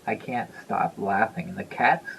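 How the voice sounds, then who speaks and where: A man's voice: fairly low pitch, unhurried, gravelly, a bit bright, breathy edge, low-quality recording. Rambling man in his fifties. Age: 50s. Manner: rambling, chuckling, repeats himself. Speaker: vlogger. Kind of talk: casual storytelling.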